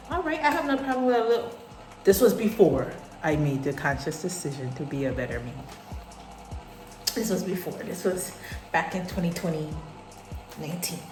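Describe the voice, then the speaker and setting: A young woman vlogger chatting casually while washing her hair, animated, laughing often and swearing freely. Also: medium pitch. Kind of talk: casual chat. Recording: echoey room with faint music.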